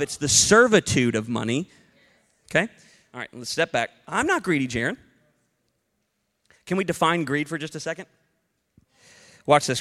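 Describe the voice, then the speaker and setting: A man in his thirties preaching a sermon as a pastor, animated and acting out little dialogue bits. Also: on the high side.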